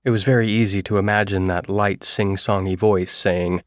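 A man narrating a first-person story in a measured audiobook style. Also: on the low side, steady tone, dry recording, clean studio sound.

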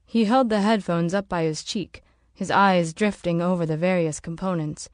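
A woman narrating an audiobook in a steady, measured way. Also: on the low side, dry recording, clean studio sound.

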